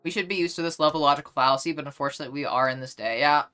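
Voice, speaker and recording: A woman's voice: sits low, racing, sharp tone, clear, resonant tone. A young woman streamer chatting casually while gaming, ranting bluntly with lots of fillers. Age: young adult. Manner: blunt, exasperated ranting with frequent "like".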